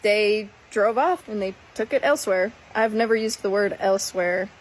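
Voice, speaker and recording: A woman from Minnesota telling a story in her vlog in a calm, matter-of-fact way. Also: medium pitch, moderate pace, rough recording. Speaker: van lifer vlogger.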